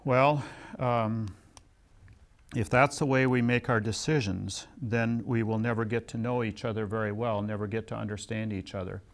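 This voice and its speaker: An older American man gives a seminary lecture conversationally, telling personal stories with self-deprecating humor. His voice is lowish with a level tone and a moderate pace.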